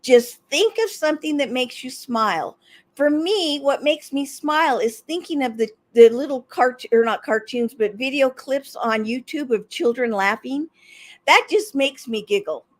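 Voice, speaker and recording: A middle-aged woman hosting a motivational talk show, animated and repeating her points for emphasis. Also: sits high, a little slow. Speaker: host, life coach.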